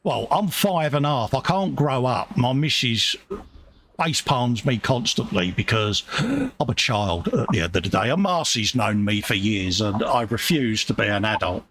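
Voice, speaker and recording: A man's voice: mid-range voice, animated, normal speed, a bit bright. Man, casual livestream chat, teasing banter, faint hiss behind. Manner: banter, reading out viewer chat comments. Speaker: live stream co-host.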